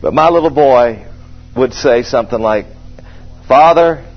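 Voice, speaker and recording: A man preaching a sermon in a conversational way, asking the congregation questions and slowing down to stress scripture. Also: mid-range voice, creaky. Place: church service with a congregation. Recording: dull lo-fi sermon recording.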